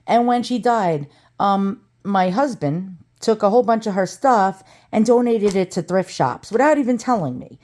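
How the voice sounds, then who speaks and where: A middle-aged woman, ranting in a profane, rambling vlog with quick asides. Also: mid-range voice, animated, darkish tone. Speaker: vlogger.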